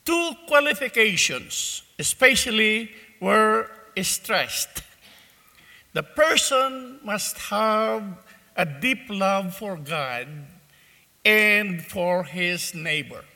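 A man preaching a sermon, telling a parable in a slow, deliberate way in a church. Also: sits high, animated, creaky, sharp tone, big-room sound.

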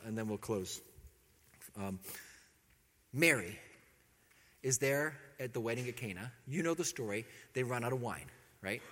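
A man preaching a sermon, animated and joking, peppering his congregation with rhetorical questions. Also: mid-range voice, in a large hall.

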